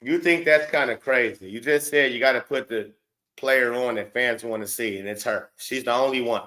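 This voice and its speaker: A man's voice: mid-range voice, moderate pace, fairly bright tone. A man hosting a reaction show, talking back at a video clip in a blunt, mocking, profane rant. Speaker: show host reacting to clips. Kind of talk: heated reaction commentary.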